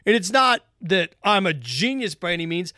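A man with a fairly high voice hosts his own podcast as a one-man opinion rant. He talks with heavy sarcasm and drives his points home by repeating them. The sound is close and dry. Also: sing-song, normal speed, sharp tone, no room sound. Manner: sarcastic, repetitive ranting. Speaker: podcast host.

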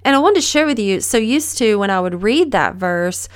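With an expressive, medium-pitched voice at normal speed, a middle-aged woman teaches the Bible on her podcast. The devotional lesson is casual and earnest, and she addresses questions to her listener.

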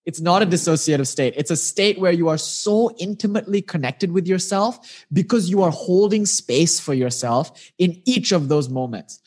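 A man teaching meditation in a patient, gently instructive way, speaking casually over a video call. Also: high-pitched, lively intonation, normal speed.

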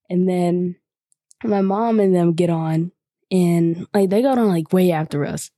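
A woman's voice: lowish voice, steady tone, measured pace, dark tone, no room sound, studio quality. A young woman hosting a podcast, telling a casual, chatty story with many 'like' fillers. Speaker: podcast host.

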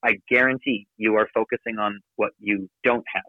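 Man, motivational podcast guest, emphatic, fast bursts, thin phone-like sound, dry. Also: fairly low pitch, no echo. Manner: energetic, emphatic, rapid coaching delivery. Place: office.

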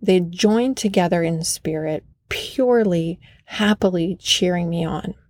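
A woman's voice: on the low side, unhurried, a little mellow, dry recording, clean studio sound. A woman hosting a podcast, telling a personal story in an earnest, enthusiastic way. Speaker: podcast host.

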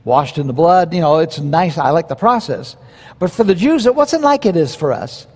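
A pastor preaching a verse-by-verse sermon in a conversational, animated way, with quoted asides. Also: male voice, fairly high pitch, brisk, in a large hall.

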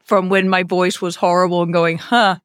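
A woman's voice: fairly low pitch, a little fast, no room sound, studio quality. A woman hosting a podcast over a remote call, chatting casually and laughing often. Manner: laughing, chatty, animated storytelling. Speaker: podcast host. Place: home, on Pacific time.

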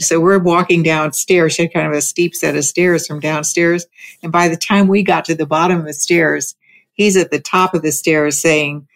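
An older woman telling a calm, reflective story about raising children, with soft laughs between her thoughts. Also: sits low, normal speed. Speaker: speaker on parenting. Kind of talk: reflective casual talk.

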